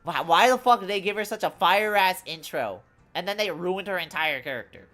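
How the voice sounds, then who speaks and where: A woman's voice: fairly low pitch, brisk, faint music behind. A young woman streaming a game live, ranting casually and profanely about characters and saying "bro" a lot. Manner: ranting, profane, animated, says "bro" often. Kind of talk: casual live-stream commentary while gaming.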